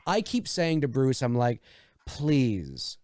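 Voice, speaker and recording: A man's voice: medium pitch, wildly swooping pitch, slow pace, a little mellow, dry recording, studio quality. A man co-hosting a casual podcast chat, rambling and swearing freely. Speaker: podcast co-host.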